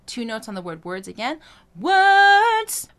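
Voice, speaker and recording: A woman's voice: mid-range voice, a little fast. A middle-aged woman vocal coach teaching a singing lesson, explaining technique and singing short demonstrations. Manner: encouraging, demonstrates phrases by singing them.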